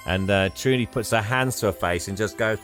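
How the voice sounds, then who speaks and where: A somewhat bright, lowish male voice moves at a brisk clip with soft music underneath. He's a podcast co-host casually retelling a movie, voicing its lines and laughing frequently.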